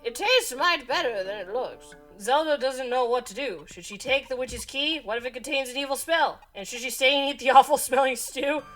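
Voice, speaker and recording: Casual woman game master, higher voice, reads the story and chuckles. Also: a little fast, few pauses, a bit bright, faint music behind. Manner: casual, laughs between lines. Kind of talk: reading a gamebook aloud.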